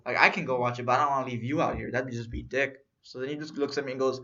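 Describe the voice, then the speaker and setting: A young man co-hosting a podcast, telling a story in casual chat, animated and swearing as he acts out what people said. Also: mid-range voice, fast. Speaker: podcast co-host. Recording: dull lo-fi recording.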